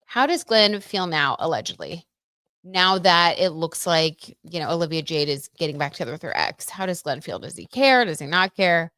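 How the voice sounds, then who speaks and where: A young woman hosts a casual livestream, chatting her way through gossip and tarot readings in a loose, filler-heavy way. Her voice sits low for a woman. The sound is close and dry, with no room echo. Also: animated, moderate pace, a bit bright. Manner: chatty, gossipy, lots of "like" and "you know".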